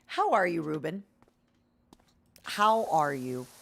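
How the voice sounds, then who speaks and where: A woman's voice: deep voice, slow, gravelly. A young woman streamer chatting casually with her viewers, rambling and giggly as she tells stories. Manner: rambling, giggly, excitable storytelling.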